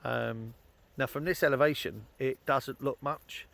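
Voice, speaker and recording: On a Welsh hillside with dogs close by, a London man vlogs in a chatty, rambling manner peppered with ums and uhs. His medium-pitched voice is creaky yet fairly bright, with a steady tone and an unhurried pace.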